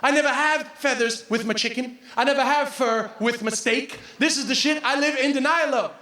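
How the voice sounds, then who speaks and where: A man in his forties doing stand-up, telling a story in an animated way, laughing and swearing as he goes. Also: extremely high pitch, normal speed. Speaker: stand-up comedian. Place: comedy venue stage. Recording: roomy live venue from a distance.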